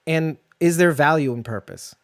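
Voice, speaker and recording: A man's voice: fairly high pitch, moderate pace, no echo, studio quality. A man co-hosting a casual discussion show, thinking aloud in loose, rambling sentences. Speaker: podcast co-host.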